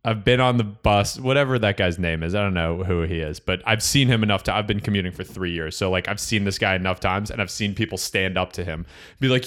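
A man's voice: low-pitched, fairly quick. A young man, talking in casual, profane podcast chat. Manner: profane, joking, animated impressions.

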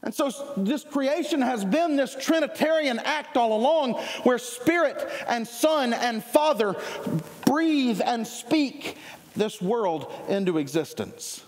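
A man preaching a sermon, energetic and conversational, often restarting his sentences. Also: very high voice, slow pace. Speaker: pastor. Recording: long hall reverb.

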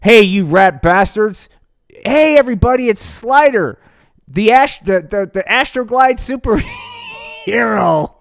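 A man voicing a brash, cocky male superhero in a comic puppet show, shouting his lines. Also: high voice, animated, unhurried, vocal fry, pitched above the performer's own voice, exaggerated voice.

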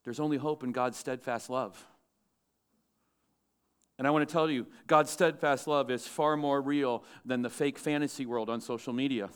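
A man, a pastor, preaching a sermon to his congregation in a church, asking the room questions and rising loud and animated when he quotes scripture. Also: mid-range voice, normal speed, clean tone.

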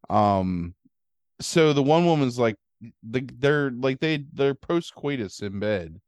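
A man on a podcast, recapping a film in a loose, rambling way and putting on goofy voices for its characters. His voice sits at an ordinary middle pitch, and the sound is dry and close to the mic. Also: clean tone, dry recording. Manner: rambling, animated storytelling with silly put-on voices. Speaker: podcast host. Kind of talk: casual movie recap chat.

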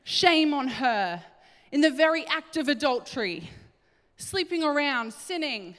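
A woman's voice: sits high, lively intonation, measured pace, a bit bright, in a large hall, pitched above the performer's own voice. A woman voicing pushy, self-righteous male religious leaders with a broad Australian accent during a sermon. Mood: indignant. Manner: brash, indignant.

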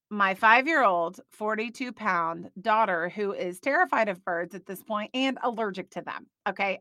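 A woman in her thirties hosts a faith podcast, chatting in a bubbly, animated way full of quick asides. Her voice sits high and bright. The close mic keeps the sound dry. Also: no echo. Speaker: podcast host.

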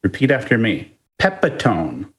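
A man co-hosting a podcast, chatting casually and telling stories in a playful, lively way with chuckles. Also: on the low side, normal speed. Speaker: podcast co-host.

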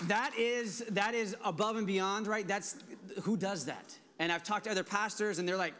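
Brief: male pastor, 40s, higher voice, enthusiastic conversational sermon. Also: moderate pace, sharp tone, a little hiss or hum. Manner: enthusiastic, conversational, with frequent restarts and fillers.

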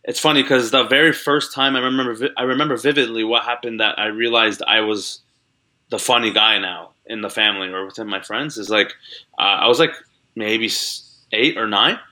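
A man's voice: fairly low pitch, fairly quick, sharp tone. A young man, a comedian, chatting as an interview guest in a rambling way, full of likes and restarts. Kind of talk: casual interview chat.

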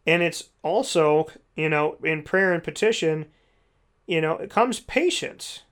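A man's voice: on the high side, animated, measured pace, a bit bright. A man talking casually about faith and prayer, rambling, with many fillers. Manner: rambling, many "you know"s, restarts.

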